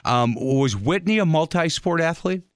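A man hosting a radio show, chatting with a guest and telling lively stories. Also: a little high, moderate pace, clear, resonant tone, dry recording, clean studio sound. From Wisconsin, USA. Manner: chatty storyteller, animated anecdotes. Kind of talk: casual radio interview.

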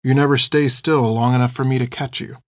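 A man voicing a quiet, earnest young man in an audiobook. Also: medium pitch, level tone, a little fast, dry recording, studio quality, natural voice. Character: gentle careful young man.

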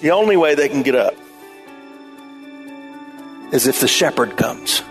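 A man preaching a sermon as pastor, emphatic and at times shouting. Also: mid-range voice, lively intonation, unhurried, faint music behind.

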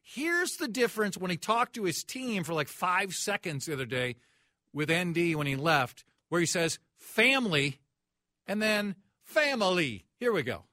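A man's voice: high voice, sing-song, normal speed, pushed and bright, dry recording, studio quality. A man hosting a sports talk radio show, ranting in a mocking, incredulous way.

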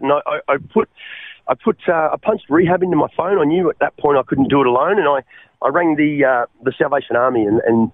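A man's voice: medium pitch, no room sound. An Australian man telling his life story as a radio guest. He speaks earnestly, stumbles into repeated restarts and keeps calling the host mate. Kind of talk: personal testimony on radio. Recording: tinny dry phone line.

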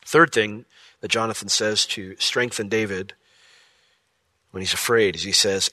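Man, pastor, sermon, lively and conversational, jokey asides, bright tone. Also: mid-range voice, moderate pace, no echo.

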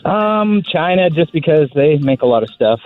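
A man's voice: a little high, lively intonation, normal speed, phone-quality sound, faint music behind. A man answering radio quiz questions in a hesitant way, with lots of ums. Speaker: quiz contestant.

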